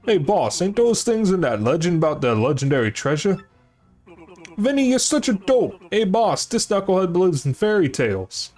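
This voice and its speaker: A hotheaded young mob henchman with a put-on gangster accent, as a man acts him out. He pitches up high and loud, swinging through his lines with tough-guy taunts in a game read-through. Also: big pitch swings, moderate pace, soft background music. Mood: mocking.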